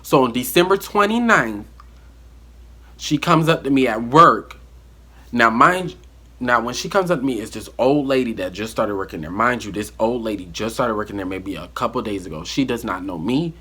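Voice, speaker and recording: A man telling a casual storytime on his vlog, animated and acting out the quotes. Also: medium pitch, normal speed, slightly rough. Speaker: vlogger.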